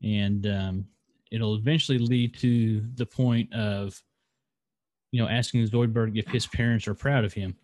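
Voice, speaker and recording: A man's voice: on the low side, steady tone, unhurried, darkish tone, no echo. A man co-hosting a podcast in casual chat, rambling and hesitant. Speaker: podcast co-host.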